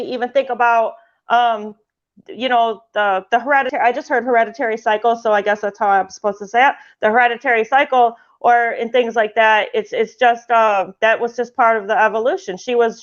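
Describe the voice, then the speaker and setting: A woman hosting a casual spiritual chat podcast, talking in a rambling way with many restarts. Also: a little high. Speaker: podcast host. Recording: muffled lo-fi sound.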